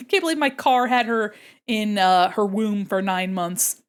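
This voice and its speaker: A young adult woman chatting casually on her art livestream, excitable and gushing, giggling often. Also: medium pitch, takes it slowly, smooth. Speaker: art streamer.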